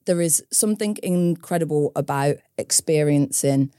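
A woman, a business co-founder, talking thoughtfully in a casual interview, pausing to find her words. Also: sits low, dark tone, clean tone, no echo, clean studio sound. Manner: thoughtful, searching for words, tag questions.

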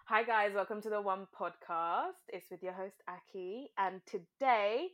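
A woman hosting a casual podcast chat, excitable and quick to laugh. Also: mid-range voice. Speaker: podcast host.

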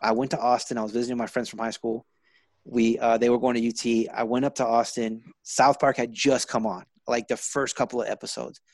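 A man telling stories in casual chat, profane and animated, acting out the quotes. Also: medium pitch, a little fast, no room sound.

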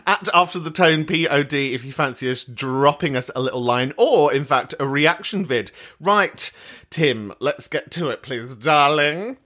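A man's voice: on the high side, animated, sharp tone. A man hosting a podcast, talking in a sweary, camp, self-mocking comic monologue. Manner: sweary, camp, quick to laugh at himself. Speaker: podcast host.

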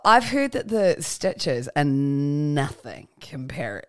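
A woman's voice: sits low, big pitch swings, slow. A young woman hosting a podcast, chatting casually and speaking candidly about her fears. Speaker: podcast host. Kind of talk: casual conversational interview.

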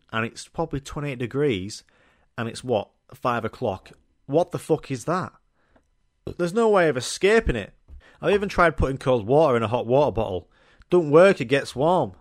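A young man rambles through a casual solo podcast, blunt and jokey, with plenty of swearing. His pitch sits in an ordinary middle range. The recording is dry and close, with no room sound. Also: no room sound. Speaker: podcast host.

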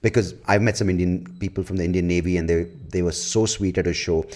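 Guy hosting a podcast, low voice, jokey and laughing a lot. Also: fast. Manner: joking, laughs a lot, animated. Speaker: podcast host. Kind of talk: podcast interview.

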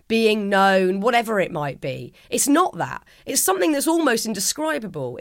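A middle-aged woman is a guest in a reflective interview, speaking heartfelt and earnest, often restarting her sentences. Her voice is mid-range, recorded at studio quality with no room sound.

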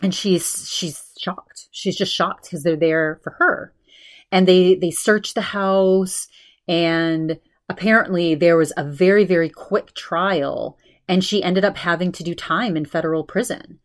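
Chatty woman podcast host, lowish voice. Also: steady tone, unhurried. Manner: chatty, many restarts and fillers. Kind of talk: casual podcast review.

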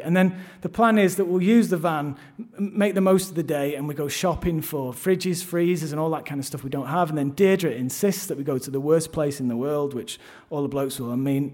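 This middle-aged Londoner performs live first-person storytelling on stage, his voice on the high side and a little mellow. His manner is self-deprecating and wry, and he restarts frequently.

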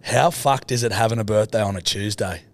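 A man's voice: on the low side, brisk, dry recording. A man co-hosting a podcast, joking around in a brash, sweary, casual way. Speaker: podcast co-host. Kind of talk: casual comedic chat.

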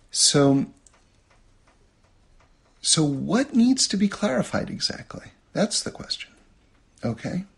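Husky, gravelly man teaching Torah. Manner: animated, acts out quoted voices in a much higher pitch; checks in with listeners often ("okay?"). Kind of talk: religious lesson with personal stories.

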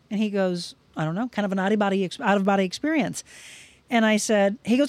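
A woman's voice: mid-range voice, fast talker, no room sound. A middle-aged woman, a podcast guest, telling a personal story in casual chat and acting out the quoted dialogue. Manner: lively, acts out quoted dialogue.

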